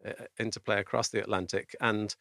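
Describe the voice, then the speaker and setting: A man's voice: fairly low pitch, level tone, a little fast, vocal fry, bright, forceful tone, dry recording, clean studio sound. A British man hosting a casual chat, talking with frequent restarts and laughs. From Britain. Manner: chatty, repeats words while thinking, laughs often. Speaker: podcast host.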